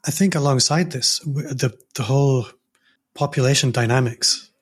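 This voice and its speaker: Husky-voiced middle-aged guy hosting a podcast, kinda thoughtful, stops to find the right word. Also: medium pitch, moderate pace. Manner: thoughtful, searches for words. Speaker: podcast host. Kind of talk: interview conversation.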